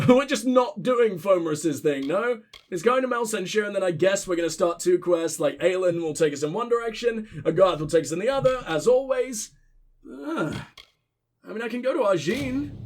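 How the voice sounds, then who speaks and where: High-voiced, sweary gaming commentator with a stuffy cold. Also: male voice, expressive, normal speed. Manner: rambling, sweary and sarcastic. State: congested with a cold or flu. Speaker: let's play host. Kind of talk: gameplay commentary.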